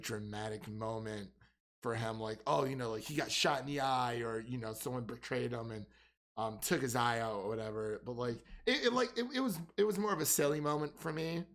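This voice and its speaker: A man's voice: medium pitch, fairly bright tone. A man co-hosting a casual movie review chat, rambling with constant "like" fillers and frequent laughs.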